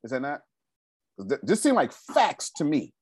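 A man's voice: fairly high pitch, very animated, measured pace, a little mellow, breathy edge, no room sound, clean studio sound. A man leading a group meeting with a motivational talk, emphatic and preachy, repeating his phrases and using casual slang. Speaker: meeting leader.

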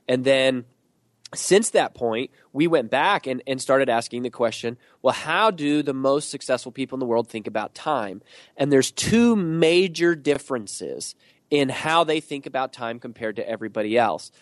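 A man guest on a podcast, answering in an animated storytelling way, building his points in rhythmic lists. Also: mid-range voice, moderate pace, dry recording, clean studio sound. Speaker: podcast guest, author and speaker.

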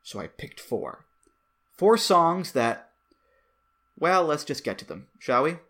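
A man's voice: a little high, big pitch swings, takes it slowly, fairly bright tone. A man hosting a solo podcast, talking casually with playful, jokey asides. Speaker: podcast host.

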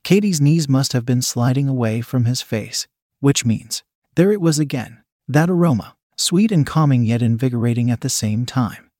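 A man reads an erotic story in a steady, even narrating voice. The sound is dry and close, with no room echo. His voice sits at a middle pitch for a man. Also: moderate pace.

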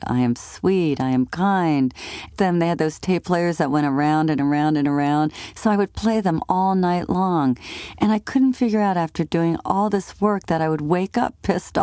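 A middle-aged woman tells her own story in a self-help talk, piling up events in long animated lists. Her voice sits low and mellow. It is recorded dry, with no room sound. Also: no echo.

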